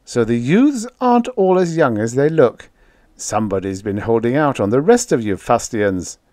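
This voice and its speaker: A man's voice: mid-range voice, very animated, moderate pace, a little mellow, no echo, close to an everyday voice. A man voicing a practical, wisecracking male diplomat with a dry delivery. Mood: wry, brisk.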